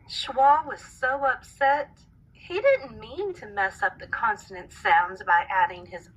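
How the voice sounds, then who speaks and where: A woman teacher reading a storybook aloud to a class, with expressive, clear storytelling. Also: mid-range voice, unhurried, highs cut off.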